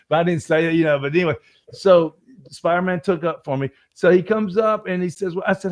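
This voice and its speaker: A man's voice: fairly high pitch, quick pace. A man, an actor guest, telling anecdotes in casual chat and acting out the voices of people he quotes. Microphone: video call stream.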